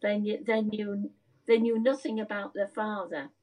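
An older woman telling a rambling family story in a casual chat. Her voice is breathy and a little husky, at a middle pitch, and she often pauses to search for words. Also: fairly even intonation, darkish tone, low-quality recording. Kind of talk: casual conversation, reminiscing.

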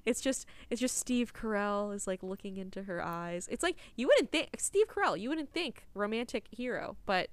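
A young woman co-hosting a podcast, telling a story in a laughing, animated way with plenty of swearing. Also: medium pitch, normal speed, hardly any pauses, clear, resonant tone, dry recording. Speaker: podcast co-host. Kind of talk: casual chat.

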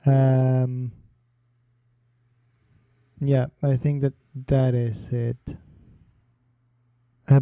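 Slow, mellow man rambling casually. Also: mid-range voice, vocal fry, dry recording. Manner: rambling, many fillers and pauses; slow, relaxed delivery. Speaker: podcast host. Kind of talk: casual solo talk.

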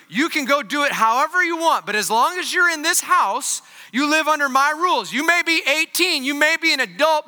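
A man's voice: very high-pitched, sharp tone, long reverb tail, voice pushed up, full character voice. A man voicing his stern older father, a retired Marine, firmly laying down house rules.

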